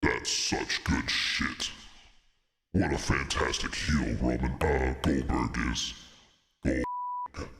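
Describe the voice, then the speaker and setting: A man doing an impression of a gloating aging wrestling promoter, in a gravelly, very deep voice with a slow, relishing delivery. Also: fairly even intonation, fairly bright tone, long reverb tail, full character voice.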